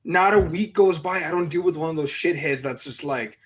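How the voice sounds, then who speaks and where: A man's voice: on the high side, a little fast, few pauses, a bit bright. A man co-hosting a podcast, chatting casually and ranting with a lot of swearing. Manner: profane, ranting, jokey. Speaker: podcast co-host.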